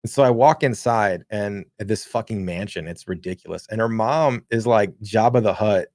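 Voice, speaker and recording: Give me a podcast co-host in his thirties, a lower-voiced man telling a rambling, profane story over a dry mic. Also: normal speed, a little mellow, no room sound. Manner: rambling, profane, many fillers. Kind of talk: casual storytelling.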